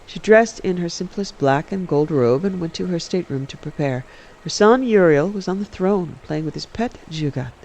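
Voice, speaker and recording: A man casually reading a story aloud, relaxed and correcting his own slips. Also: a little high, moderate pace, gravelly. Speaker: game streamer reading an in-game book. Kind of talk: casual read-aloud narration.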